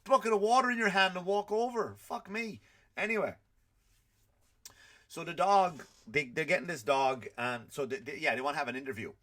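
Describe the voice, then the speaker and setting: A man's voice: a little high, expressive, normal speed, fairly bright tone. A middle-aged man hosting a comedy podcast, ranting in an exasperated, profane way and acting out quotes. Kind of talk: comic rant.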